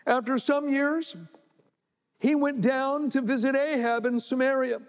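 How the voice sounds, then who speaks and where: A man's voice: very high voice, in a large hall. A man preaching a sermon as pastor, reading scripture and retelling it conversationally, rising to emphatic indignation at points.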